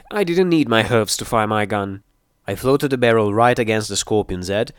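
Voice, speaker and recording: Low-voiced man narrating a story. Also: no echo, studio quality. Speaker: audiobook narrator. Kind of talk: first-person story narration.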